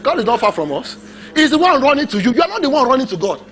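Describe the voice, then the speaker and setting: A male pastor preaching a sermon, emphatic and animated, drawing responses from the congregation. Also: very high voice, rapid-fire.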